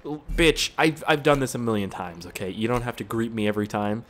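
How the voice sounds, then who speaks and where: A man's voice: medium pitch, fairly even intonation, fast talker, hardly any pauses, a bit bright. A man in his twenties doing gameplay commentary, rambling off-topic and joking crudely with plenty of swearing. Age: 20s. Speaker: gaming YouTuber.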